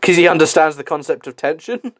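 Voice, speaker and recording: A man's voice: on the high side, lively intonation, a little fast. A man giving casual movie commentary, laughing often and swearing freely. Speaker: film commentator.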